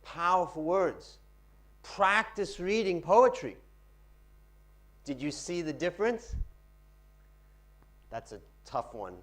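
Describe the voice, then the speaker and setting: A man giving a live workshop talk on pitching to an audience in a seminar room, varying his loudness and pace for effect. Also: very animated, slow pace, pauses often.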